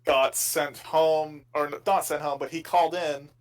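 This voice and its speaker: A man's voice: on the high side, steady tone, normal speed, rough recording. A man co-hosting a sports podcast, chatting casually and joking through rambling stories with restarts. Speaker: podcast co-host.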